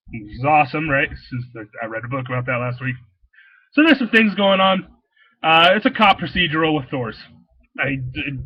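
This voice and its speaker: A man's voice: on the high side, dull audio. A man casually rambling through his thoughts on new comic books, enthusiastic and full of fillers and restarts. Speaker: comic shop owner reviewing new comics.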